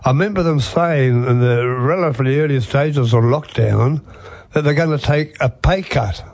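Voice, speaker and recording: An older man giving casual commentary on a radio talk show, speaking in a measured, hesitant way. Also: mid-range voice, darkish tone. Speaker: regular commentator.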